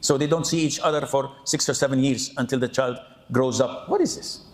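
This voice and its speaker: A man preaching an animated, humorous sermon, often acting out the people he quotes. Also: mid-range voice, brisk. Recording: echoey room.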